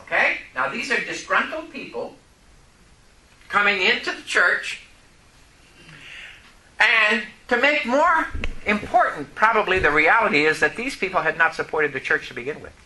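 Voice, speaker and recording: A man preaching a sermon, telling a story and rising to loud, impassioned outbursts. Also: high voice, expressive, moderate pace, pauses often. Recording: echoey room.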